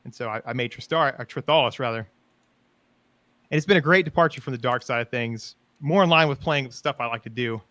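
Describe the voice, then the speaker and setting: A man rambles enthusiastically through his stories in a casual podcast chat. His voice is bright and forceful, recorded dry and close. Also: mid-range voice, normal speed, dry recording. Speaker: podcast co-host. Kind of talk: casual chat about roleplay.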